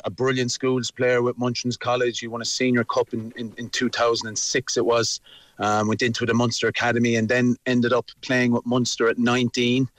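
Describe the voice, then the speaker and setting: A man's voice: on the low side, dry recording. A middle-aged Irish man talking by phone about a rugby player he knows well, with many fillers. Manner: warm praise, many fillers. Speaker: rugby coach, phone guest. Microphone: phone line.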